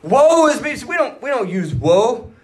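A man preaching a sermon in an animated, dramatic way, acting out the quoted words. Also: extremely high pitch, unhurried. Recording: roomy, voice from a distance.

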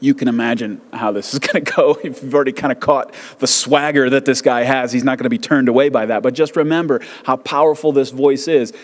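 A male pastor preaching in a conversational, animated storytelling manner, often restarting his phrases. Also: medium pitch, big-room sound. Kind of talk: sermon.

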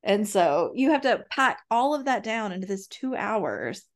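A woman co-host chats in a storytelling way. Her pitch jumps around a lot, and she sounds animated and expressive. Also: measured pace. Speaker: podcast co-host. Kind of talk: casual chat.

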